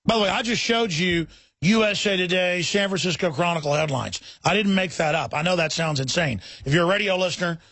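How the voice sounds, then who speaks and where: A man's voice: high-pitched, dry recording. A man hosting a talk radio show, ranting indignantly and stumbling over repeated words as he argues. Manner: forceful, indignant, repeats words in rapid restarts. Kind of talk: heated talk radio monologue.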